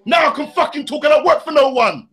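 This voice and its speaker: An angry man vents on a live stream, his voice climbing very high as he shouts. He swears freely and fires rhetorical questions at his critics. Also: animated, fast talker. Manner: furious, profane, shouting rant.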